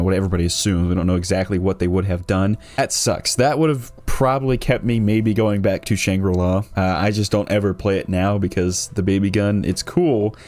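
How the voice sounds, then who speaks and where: A man giving laid-back commentary on a video game, musing aloud with easy fillers. His voice sits low, with faint music playing behind him. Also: darkish tone. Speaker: YouTube host. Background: background music.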